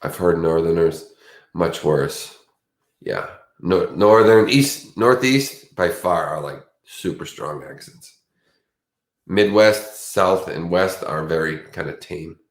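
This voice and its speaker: A man's voice: deep voice, expressive, slow pace, echoey room. A man hosting a livestream in casual, rambling chat, chatty and self-mocking. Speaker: livestream host.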